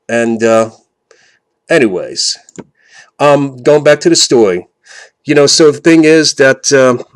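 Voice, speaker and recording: A man's voice: medium pitch, no room sound. A man vlogging in a casual, rambling way, full of fillers and restarts and growing indignant as he talks.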